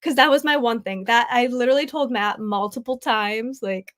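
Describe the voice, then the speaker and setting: A woman's voice: fairly high pitch, normal speed, fairly bright tone. A young adult woman hosting a casual crafting livestream from home, chatty and tearful, laughing often and saying "like" a lot as she reads comments. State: tearful, grieving. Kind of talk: casual live chat, reading comments.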